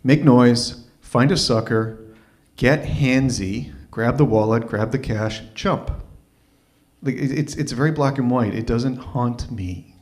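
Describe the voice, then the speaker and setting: A man from Toronto, telling a story live at an open mic in a wry, animated, self-mocking way. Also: medium pitch, slow. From Toronto, Canada.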